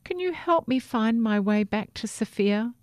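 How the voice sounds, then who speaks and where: A tiny, hopeful boy toothbrush from a storybook, as a woman narrator puts him on, squeaking high and bright. He sounds eager and a little lost, and his words come out slow. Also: animated, dry recording, clean studio sound.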